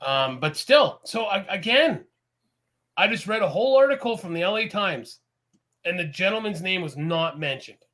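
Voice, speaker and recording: A man from Canada with a high, bright voice that swings widely as he rambles through a casual podcast chat. He laughs often and talks in an animated, easygoing way. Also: moderate pace. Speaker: podcast co-host.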